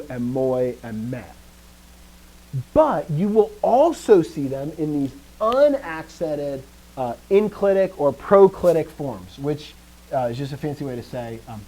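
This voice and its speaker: A man's voice: medium pitch, low-quality recording. Man teaching Greek to a class. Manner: lively, asks the class questions, often quiet and trailing off. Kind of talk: classroom lecture.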